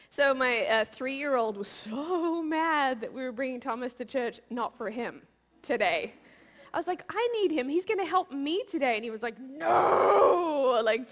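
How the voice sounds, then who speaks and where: Woman preacher, slightly high voice, chatty sermon, keeps asking the room questions. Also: fairly bright tone. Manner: conversational, playful, asks the audience questions.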